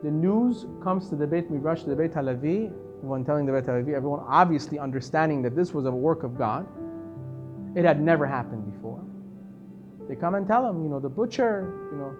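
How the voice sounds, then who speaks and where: Animated rabbi telling a story. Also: male voice, highs cut off. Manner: animated storyteller, acting out quoted voices, pitch swinging from soft to loud. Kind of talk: storytelling lesson.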